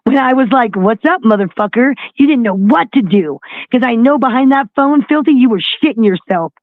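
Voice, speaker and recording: A woman's voice: high voice, animated, a little fast, dry recording. A woman ranting on a livestream, mocking and scornful, swearing constantly. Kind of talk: heated livestream rant. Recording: tinny phone-like line.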